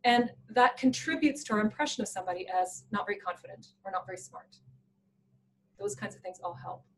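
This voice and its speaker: A woman presenting a professional development workshop in an animated, playful way, laughing often. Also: medium pitch, fairly quick, low-quality recording. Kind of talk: workshop talk.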